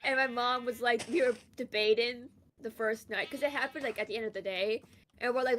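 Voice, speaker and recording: A young woman from Canada chats casually over a game stream, rambling through a story with lots of "like" and restarts. Her voice sits a touch high, with a faint hiss of noise underneath. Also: fairly even intonation, fairly quick, a bit bright. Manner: rambling storyteller, many fillers. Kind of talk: casual chat while gaming.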